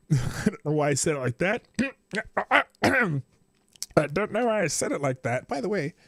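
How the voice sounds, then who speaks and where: Male streamer host, slightly high voice, rambling and casual, dry room. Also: sing-song, measured pace, gravelly, fairly bright tone, no echo. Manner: rambling, chatty, greets viewers by name. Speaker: livestream host. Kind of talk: casual live-stream chat.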